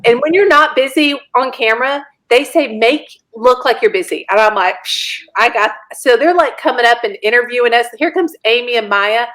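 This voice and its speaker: A woman in her forties, a podcast guest, telling a story in an animated, laughing way and acting out the quotes. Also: a little high, a little fast, few pauses, poor audio. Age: 40s. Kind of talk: casual storytelling chat.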